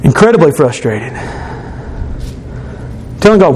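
A man's voice: high voice, expressive, moderate pace, slight background noise. A man telling his personal testimony in an earnest way, repeating phrases for emphasis. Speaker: speaker giving a testimony.

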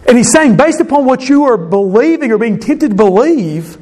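A man's voice: very high-pitched, lively intonation, moderate pace, hardly any pauses, darkish tone. A man preaching a sermon as pastor, earnest, voicing quoted speakers with emphasis.

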